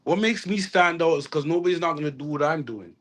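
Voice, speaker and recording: A man's voice: a little high, fast. Man, reggae artist guest, casual rambling storytelling, street slang. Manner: rambling with restarts and Jamaican slang.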